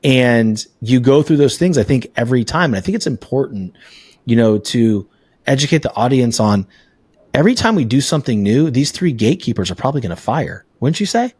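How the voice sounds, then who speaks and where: A man hosting a podcast, telling personal stories and asking questions in a relaxed, candid way. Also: medium pitch, fairly quick, slightly rough, no room sound. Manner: storytelling, relaxed and candid, with casual swearing. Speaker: podcast host. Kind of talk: casual interview chat.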